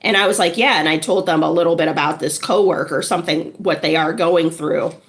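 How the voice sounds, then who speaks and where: A woman who is a social worker, chatting casually and laughing while strumming a ukulele. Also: deep voice. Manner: chatty, laughing, unhurried storytelling.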